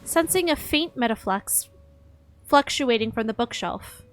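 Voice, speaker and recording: A woman's voice: fairly high pitch, lively intonation, a little slow. Young woman reading game story aloud. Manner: reads narration, breaks off into joking asides. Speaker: streamer.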